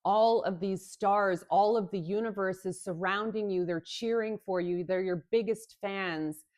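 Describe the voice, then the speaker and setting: A woman voicing a gentle earth goddess. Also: medium pitch, measured pace, lightly acted. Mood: comforting. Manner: gentle and soothing. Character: loving motherly earth goddess, calm and vast.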